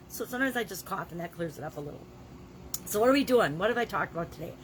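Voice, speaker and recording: A woman's voice: medium pitch, very animated, fairly quick, fairly bright tone. A woman in her sixties, talking casually in a daily video diary while she has a cold and a scratchy throat, chatty and emphatic with the odd cough. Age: 60s. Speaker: vlogger.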